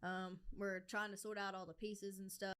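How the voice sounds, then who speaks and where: Interview guest, woman, clear smooth tone, shaky emotional delivery. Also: medium pitch, level tone, moderate pace, fairly bright tone. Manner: emotional, nervous laughter. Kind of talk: interview conversation.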